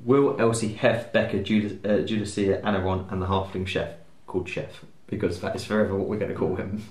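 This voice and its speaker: Low-voiced guy joking around as a player, echoey room. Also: fairly even intonation, darkish tone. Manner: jokey and quick to laugh. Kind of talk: casual chat while playing a tabletop game.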